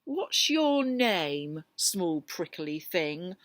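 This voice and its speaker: A woman voicing a big unkind male rhinoceros in a storybook reading, gruff and booming. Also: sing-song, drawn-out words, dry recording, heavily acted. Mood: mocking.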